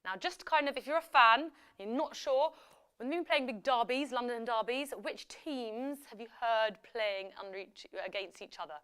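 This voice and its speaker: A woman's voice: a little high, moderate pace, pushed and bright, clear, resonant tone. Chatty woman hosting a live quiz. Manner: chatty, upbeat, ad-libbing with frequent fillers and self-corrections. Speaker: quiz host.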